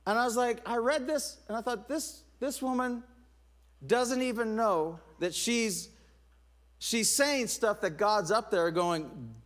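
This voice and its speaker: A middle-aged man preaching a sermon, telling stories in an animated way, with laughs and restarts. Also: high-pitched, normal speed. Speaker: pastor.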